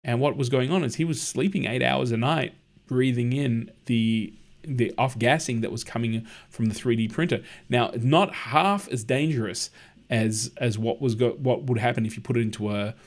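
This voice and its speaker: A man's voice: medium pitch, moderate pace. Chatty man hosting a maker livestream. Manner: chatty, friendly, tells anecdotes and answers viewer comments. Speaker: livestream host. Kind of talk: casual livestream chat.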